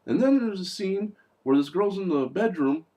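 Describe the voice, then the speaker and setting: A man's voice: high-pitched, lively intonation, normal speed, mellow. A young man giving a casual, mocking movie review, talking loosely and acting out lines.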